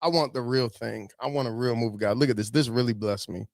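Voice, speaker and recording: A man's voice: medium pitch, fast, darkish tone, dry recording, clean studio sound. A man giving fervent, preachy commentary, getting teary-eyed and repeating himself for emphasis. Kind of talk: emotional commentary.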